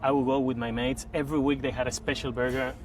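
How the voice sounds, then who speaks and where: A man from Argentina who speaks English as a second language with an Argentine Spanish accent, chatting lively as a podcast guest, laughing often and searching for words. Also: mid-range voice, fast talker, a little hiss or hum. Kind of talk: casual chat.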